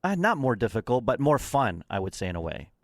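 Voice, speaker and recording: A man's voice: medium pitch, sing-song, a little fast, no echo. A man co-hosting a casual podcast, teasing his partner in a dry, matter-of-fact way. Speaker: podcast co-host. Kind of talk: casual chat.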